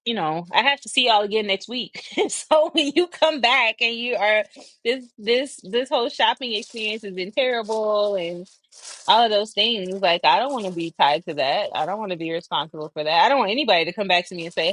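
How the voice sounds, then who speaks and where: A young adult woman hosting a casual livestream, chatty, thinking aloud and laughing often, a little breathy from asthma. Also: mid-range voice, a little fast, a bit bright. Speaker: livestream host.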